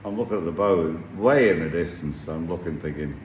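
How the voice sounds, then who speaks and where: A man telling a casual anecdote about his sailing trip, halting and full of restarts. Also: low voice. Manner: rambling, halting storyteller with many restarts. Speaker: yacht captain telling a story. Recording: echoey room with faint noise.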